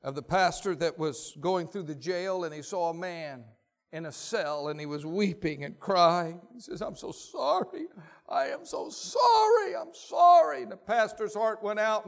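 Fairly high-voiced male preacher. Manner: reads scripture aloud, then tells stories with lively voiced quotes. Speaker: pastor. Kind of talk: sermon.

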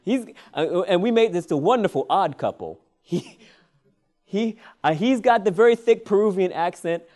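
A male preacher telling a personal story in a sermon, animated and often laughing, drawing "Amen" responses. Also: high voice, moderate pace.

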